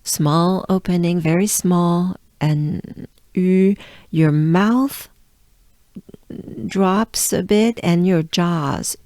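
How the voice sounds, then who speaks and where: A woman from France with a French accent, coaching pronunciation by slowly repeating and exaggerating each sound. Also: lowish voice, vocal fry, darkish tone, no room sound, studio quality. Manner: drills words slowly with exaggerated repetition. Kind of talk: slow pronunciation lesson.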